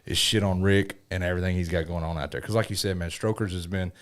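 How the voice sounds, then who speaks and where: A fired-up man with a drawl, talking in casual podcast chat. His voice sits fairly low, and he cusses and punches his points with real emphasis. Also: steady tone, fast talker, a bit bright. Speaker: custom motorcycle shop owner.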